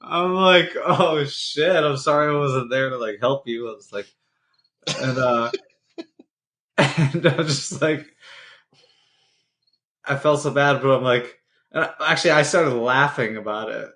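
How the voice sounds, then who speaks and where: A man's voice: mid-range voice, a little slow, pauses often, bright, forceful tone, slight background noise. Easygoing man cracking jokes on a podcast. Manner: easygoing, joking, laughs at his own stories. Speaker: podcast co-host. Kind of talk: casual podcast chat.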